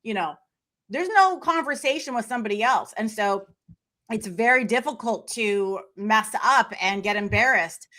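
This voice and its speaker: A woman with a fairly high, bright voice talks in a relaxed conversation. She is animated and acts out the voices she quotes. Her tone has a crisp, forward edge. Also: moderate pace. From Memphis, United States. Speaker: podcast guest. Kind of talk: casual conversation.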